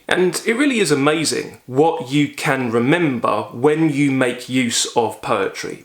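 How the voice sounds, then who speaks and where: A man giving a measured literature lecture, slowing down to savor lines of verse. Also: medium pitch. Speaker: literature teacher. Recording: roomy echo.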